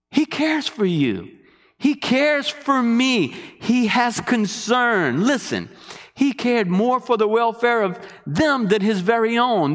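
A man preaching a sermon, animated, asking the congregation questions and waiting for answers. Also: high voice, big-room sound.

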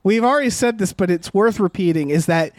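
A man with a fairly high voice rants about a movie on a podcast, exasperated and sweary, tumbling over his own restarts. His voice is recorded close and dry, with no room sound at all. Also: expressive, dry recording. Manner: exasperated, sweary, talks in fast bursts with restarts. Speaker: podcast co-host. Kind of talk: casual movie review chat.

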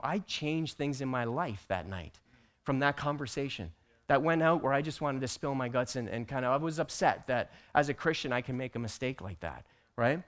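A man teaching a church group, telling a personal story with animated delivery that builds to loud, emphatic peaks. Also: medium pitch. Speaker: church teacher presenting slides.

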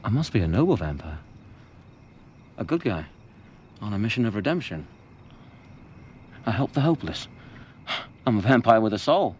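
A brooding vampire hero. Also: male voice, lowish voice, sing-song, moderate pace, pauses often, darkish tone, slight background noise. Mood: mock-earnest. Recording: dull lo-fi clip.

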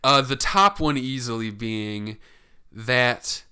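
Man, podcast co-host, casual rambling chat, bright tone, smooth clear voice. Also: medium pitch. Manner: rambling, acts out characters' lines in quick asides. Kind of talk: casual chat recapping a movie.

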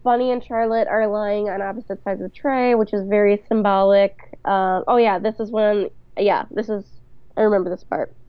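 A woman's voice: medium pitch, fairly even intonation, moderate pace, clean tone, dry recording. A woman co-hosting a podcast, recapping an episode in a giggly, rambling casual chat. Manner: giggly, rambling, lots of fillers. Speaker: podcast co-host. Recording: dull lo-fi, dry.

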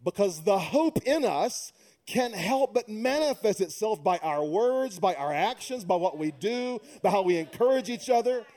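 A man's voice: sits high, animated, moderate pace, darkish tone. A middle-aged man preaching a sermon, mixing humorous conversational stories with emphatic preaching. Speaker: pastor.

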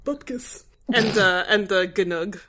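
A young woman co-hosting a podcast, chatting in a rambling, enthusiastic way with quick laughs and sudden jumps up in pitch. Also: background noise. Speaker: podcast co-host. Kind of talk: casual chat.

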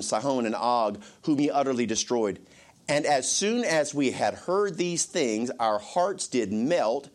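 A male pastor preaching a sermon, dropping to whispers and rising to urgent, raised lines, a bit sniffly and emotional. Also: medium pitch.

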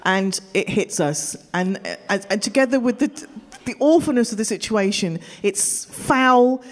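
Woman, live storytelling, animated, laughing, exasperated outbursts, acts out family voices. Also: medium pitch, a little slow. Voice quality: expressive, swings into loud exasperated outbursts. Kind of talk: live personal storytelling to an audience.

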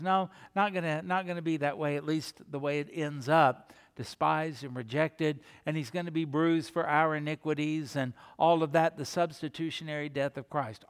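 Male pastor, high voice, earnest sermon delivery, long hall reverb. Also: fairly bright tone, clear, resonant tone. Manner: earnest preaching with rhetorical questions and acted quotes.

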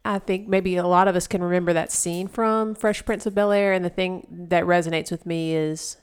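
A woman's voice: on the low side, steady tone, normal speed, clean tone. A woman co-hosting a church podcast, reflective and affirming in her replies. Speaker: podcast co-host.

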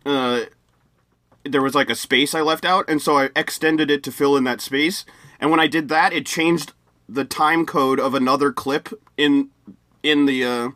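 A man's voice: a little high, steady tone, normal speed, bright, forceful tone, dry recording. A man co-hosting a podcast in casual chat, rambling and correcting himself as he goes. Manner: rambling, restarts and self-corrections. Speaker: podcast co-host.

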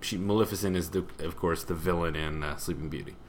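A man's voice: low voice, fairly even intonation, quick pace, slight background noise. A young man co-hosting a casual comedy podcast, spinning a story and laughing often as he acts out other people's lines. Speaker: podcast co-host.

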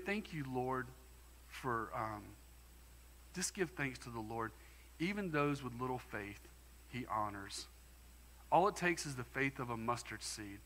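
A man's voice: fairly high pitch, pushed and bright, long reverb tail. A man preaching a sermon as pastor, emphatic and conversational. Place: church sanctuary.

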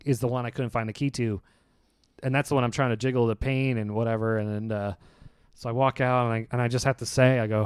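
Animated storytelling man, smooth dry voice. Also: mid-range voice, normal speed, long pauses, no room sound. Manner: animated, laughing, acts out quoted dialogue. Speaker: podcast host. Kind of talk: casual storytelling chat.

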